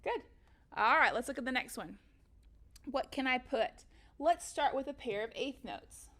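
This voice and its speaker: A woman's voice: sits high, normal speed, a bit bright. A woman music teacher giving a recorded lesson for children, upbeat and encouraging, counting beats and chanting rhythms aloud.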